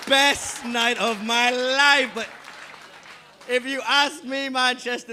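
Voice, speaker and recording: Young geordie guy doing standup, high bright voice, yells the punchlines at the crowd. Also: slight background noise. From England. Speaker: stand-up comedian. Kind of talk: stand-up comedy set. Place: comedy club stage.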